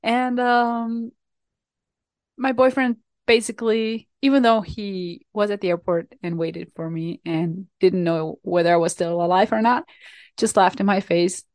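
A woman's voice: medium pitch, steady tone, unhurried, dry recording. A young woman from Switzerland, chatting casually to her viewers and telling a self-mocking story with lots of fillers and restarts. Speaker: vlogger.

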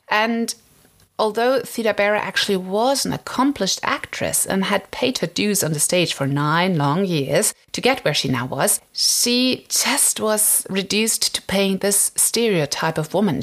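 Woman, podcast host, slightly low voice, casual storytelling, chatty, filler-heavy. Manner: chatty, frequent "like" fillers, animated emphasis.

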